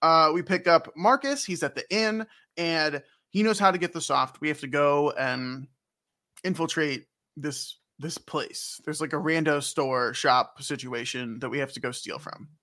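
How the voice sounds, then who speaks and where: A man's voice: on the high side, measured pace, bright, forceful tone. A young man who co-hosts a casual podcast, rambling and joking with frequent laughs. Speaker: podcast co-host recapping a game. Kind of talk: casual chat.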